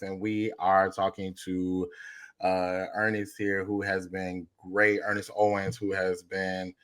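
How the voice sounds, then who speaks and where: A man's voice: fairly low pitch, a bit bright. A man co-hosting a podcast in casual chat, loose and rambling with many fillers. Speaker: podcast co-host.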